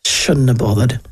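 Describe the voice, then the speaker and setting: A woman's voice: rumbling low, breathy edge. A woman radio host with a New Zealand accent, telling a chatty story on air and acting out the people in it. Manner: chatty, animated, acts out quoted people. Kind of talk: casual radio chat and storytelling.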